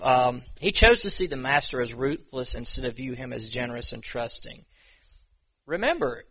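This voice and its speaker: Guy preaching casually in a small church, kinda husky and gravelly, bright tone, a bit lo-fi. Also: medium pitch. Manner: conversational, self-deprecating, many restarts and "you know". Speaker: pastor. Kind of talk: informal sermon at a small midweek service.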